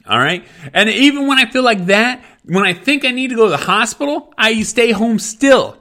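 A man's voice: very high voice, expressive, normal speed, bright, forceful tone. A man, ranting angrily and swearing heavily as a parent venting to the camera. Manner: heated, profane, repetitive. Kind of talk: angry profane rant.

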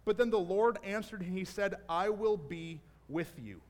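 A man preaching a sermon to a congregation in a church, telling Bible stories and building to a shouted call to action. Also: high-pitched, moderate pace. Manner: builds from storytelling to shouted exhortation. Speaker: pastor. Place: church sanctuary. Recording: long hall reverb.

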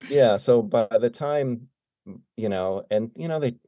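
A man's voice: medium pitch, unhurried, dry recording. A middle-aged man, a guest drummer, telling stories casually and acting out other people's lines. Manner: animated, acts out quoted dialogue. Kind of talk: casual storytelling.

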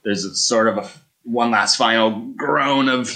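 Bright-voiced man running a tabletop game. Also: mid-range voice, normal speed. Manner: relaxed, casual describing with fillers. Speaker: game master.

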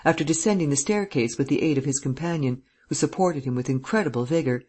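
An audiobook narrator giving a steady, measured reading of a classic novel. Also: medium pitch, breathy edge. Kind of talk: scripted narration.

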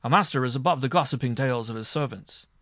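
A man reading aloud and voicing an arrogant, hot-tempered noble marshal on trial, who blusters loudly and indignantly. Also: mid-range voice, moderate pace, no room sound, clean studio sound, close to an everyday voice.

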